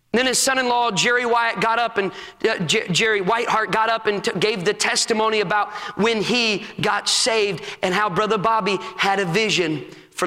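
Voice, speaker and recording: A man preaching a sermon as pastor, telling a story and building into fervent, rising exhortation. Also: high voice. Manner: impassioned preaching, rising to shouts. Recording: long hall reverb.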